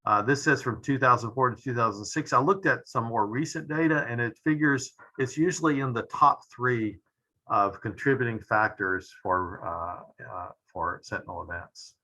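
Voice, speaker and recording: A middle-aged man, a pediatric intensivist, giving a measured medical lecture with frequent "uh" fillers and phrases that trail off quietly. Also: medium pitch, rough recording.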